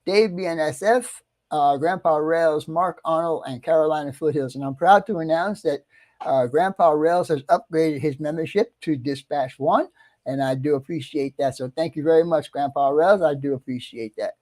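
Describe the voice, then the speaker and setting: A middle-aged American man hosting a casual livestream, chatty and easygoing, greeting viewers one by one and clearing his throat often. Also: a little high, moderate pace, darkish tone. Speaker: livestream host.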